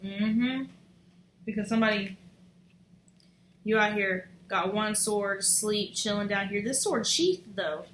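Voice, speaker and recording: A woman with a bright voice gives a casual tarot reading, chatty and blunt, with swearing. She is recorded in an echoey room with faint background noise. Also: mid-range voice. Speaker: tarot reader.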